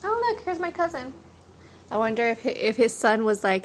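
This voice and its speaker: A woman's voice: fairly high pitch, fast. A young woman chatting casually to her viewers as a food vlogger, telling stories, swearing now and then and laughing often. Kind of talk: casual chat to a live audience. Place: outdoors near a corner store. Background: wind and birds.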